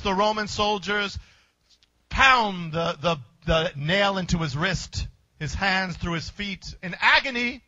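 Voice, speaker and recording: A man's voice: high voice, bright, forceful tone, no room sound, lo-fi sound. A man preacher retelling a story vividly, with emphatic, short, punchy phrases. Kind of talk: dramatic sermon storytelling.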